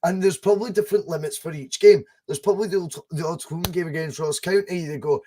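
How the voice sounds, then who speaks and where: A Scottish man hosting a casual podcast, animated and chatty, acting out little scenes as he tells stories. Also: a little high, fast, few pauses. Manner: animated storyteller, acts out voices in anecdotes. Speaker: podcast host.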